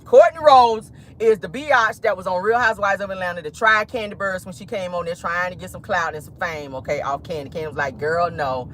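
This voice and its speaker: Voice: medium pitch, quick pace, a bit bright, slight background noise. A vlogger and host giving sassy celebrity gossip commentary from a car, laughing often.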